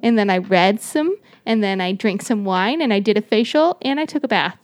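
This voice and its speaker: A woman's voice: medium pitch, animated, moderate pace. A young woman co-hosting a casual podcast, wry and offhand, swearing now and then. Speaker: podcast co-host. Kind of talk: casual chat.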